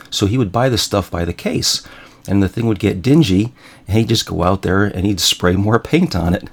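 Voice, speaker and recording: A man's voice: deep voice, vocal fry. A man hosting his own show, telling wry family stories in a casual monologue and chuckling now and then. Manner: wry, chuckling, self-deprecating. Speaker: host.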